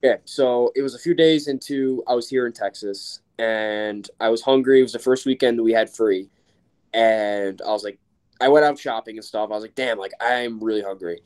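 A man's voice: mid-range voice, moderate pace, darkish tone, clear, resonant tone. A man from Long Island telling a story in a rambling way, with lots of fillers and restarts. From Long Island, New York. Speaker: podcast co-host. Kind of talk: casual storytelling.

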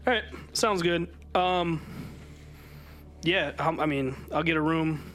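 A man's voice: on the high side, slow, a bit bright. A man playing a tabletop game, talking in a rambling, joking way with many fillers. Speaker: player. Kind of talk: casual tabletop game play.

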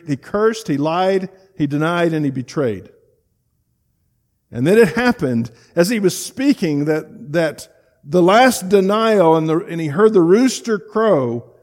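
A middle-aged man preaching a sermon, telling a story and swinging between loud emphasis and hushed, reflective passages. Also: fairly high pitch, lively intonation, unhurried. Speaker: pastor.

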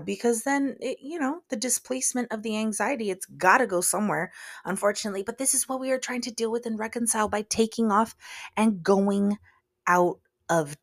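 A woman hosting her own podcast in a recording studio, talking in a chatty, joking, self-deprecating way with sudden loud bursts. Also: medium pitch. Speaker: podcast host. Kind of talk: casual solo podcast chat.

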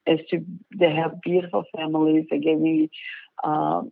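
A woman's voice: low voice, little pitch movement, moderate pace, gravelly, no room sound. An older woman, a folk dance director, talking proudly and at length as a guest on a radio show. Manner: warm, proud, rambling storyteller. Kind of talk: casual radio interview. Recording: tinny phone line, dry.

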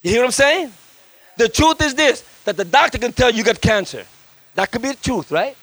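A man's voice: very high voice, brisk, no room sound. A man preaching as a guest pastor at a church service, fervent, with story-telling asides and calls for amens. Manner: tells stories with lively asides. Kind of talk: sermon.

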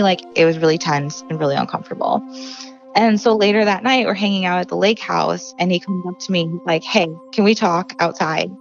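A young woman from the Chicago suburbs talks through a personal story in a casual, conversational way, acting out what people said. Her low voice has a gravelly edge. The recording is a bit dull and lo-fi, with faint music underneath. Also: fairly quick. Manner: conversational, frequent "like" fillers, acts out quoted dialogue. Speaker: guest telling her story.

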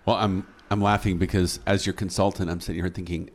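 A man with a fairly low voice hosts a conversation, enthusiastic and encouraging as he asks his guest questions. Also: steady tone, fast talker, few pauses. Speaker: interviewer and consultant. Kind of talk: casual interview conversation.

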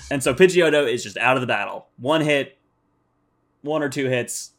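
A man's voice: mid-range voice, moderate pace, fairly bright tone. A man co-hosting a casual podcast, recapping cartoon episodes with sarcastic, casually profane remarks and frequent murmured agreement. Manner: sarcastic, swears casually, many "mm-hmm" backchannels. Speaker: podcast co-host.

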